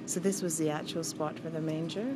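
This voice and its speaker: A woman's voice: deep voice, fairly even intonation, a little fast, heavy background noise. A young woman, a student reporter, vlogging casually and self-mockingly on her phone while walking through a church. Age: young adult. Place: busy church interior. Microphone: phone held while walking. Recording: phone audio in a crowd. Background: crowd of visitors.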